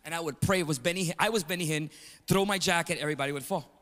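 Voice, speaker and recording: Animated preacher in a reverberant hall. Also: male voice, on the high side, rapid-fire. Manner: animated storytelling, calls out to the congregation. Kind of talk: sermon. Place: church sanctuary. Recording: long reverb of a large hall.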